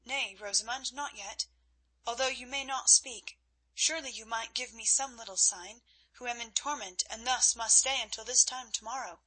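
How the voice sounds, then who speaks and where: An eager young knight in an audiobook, pleading and a little wry, as a woman reads him. The voice is bright and somewhat breathy, pitched above the middle. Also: moderate pace, rough recording. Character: young male knight, ardent, teasing. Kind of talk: audiobook character reading.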